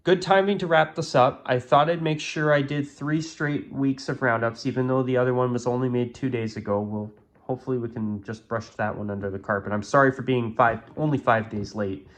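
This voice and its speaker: A man's voice: mid-range voice, steady tone, a little fast. A man hosting his own channel, talking casually and with strong opinions, rambling with fillers and restarts, recorded on a phone. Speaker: YouTube channel host. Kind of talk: casual vlog commentary.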